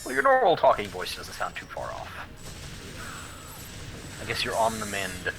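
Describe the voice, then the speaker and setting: A man's voice: lowish voice, wildly swooping pitch, normal speed, creaky, noisy background. A young man making dry, wry remarks in casual chat beside someone playing a video game. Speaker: co-commentator on a game stream. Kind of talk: casual gameplay commentary.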